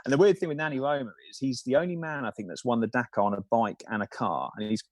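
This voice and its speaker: A man's voice: medium pitch, fast talker, dry recording. A man, a film safety supervisor, talking as a podcast guest in loose, rambling anecdotes with many fillers. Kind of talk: casual podcast interview.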